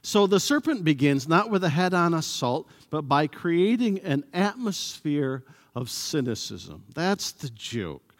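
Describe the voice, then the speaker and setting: A man preaching a sermon as pastor, slow and emphatic, sometimes acting out sarcastic voices. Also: a little high. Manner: animated, acts out sarcastic voices; slow, emphatic delivery with pauses. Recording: long hall reverb.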